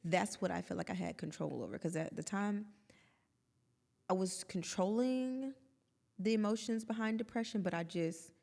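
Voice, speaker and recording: Gravelly-voiced woman podcaster in a reverberant room. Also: mid-range voice, normal speed. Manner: open and expressive, with quoted asides and laughter. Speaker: podcast co-host. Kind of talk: candid conversational podcast chat.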